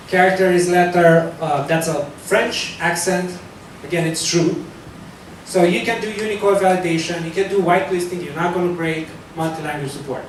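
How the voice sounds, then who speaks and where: Delivering a technical presentation to a live audience, a man speaks in a high-pitched voice for a man, loosely and conversationally, using fillers and often correcting himself. Because he's far from the mic, the sound is thin and roomy, with heavy echo and a faint low rumble.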